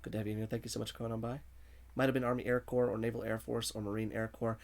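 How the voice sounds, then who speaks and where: A man's voice: on the low side, little pitch movement, rapid-fire. A man streaming a video game, chatting casually, reading viewer messages aloud and laughing often. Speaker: gaming streamer. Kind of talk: casual livestream commentary.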